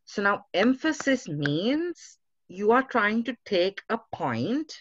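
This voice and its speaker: A man teaching English in an online class, explaining slowly and reassuringly, with halting fillers over a video call. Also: high-pitched, big pitch swings, fairly bright tone, a little hiss or hum. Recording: muffled video-call audio.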